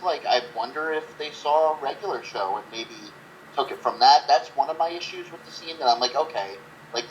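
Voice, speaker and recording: A man's voice: mid-range voice, fairly bright tone, slight background noise, low-quality recording. A man co-hosting a casual movie review podcast, rambling with lots of fillers and swearing. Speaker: podcast co-host.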